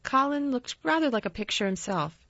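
A woman narrating a storybook in a calm, measured way. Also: sits high, gravelly, no echo. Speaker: audiobook narrator. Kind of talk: storybook reading. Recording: slightly dull dry recording.

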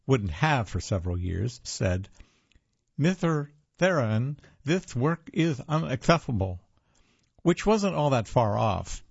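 A man in his fifties narrating his own memoir in the first person, with a wry, deadpan humor. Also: fairly low pitch, breathy edge, no room sound. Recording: dull, lo-fi, dry sound.

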